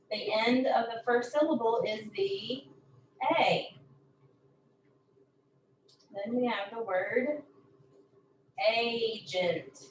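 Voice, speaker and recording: A woman teaching a phonics lesson, saying each word slowly and repeating it several times. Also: on the high side, slight background noise. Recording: echoey room from a distance.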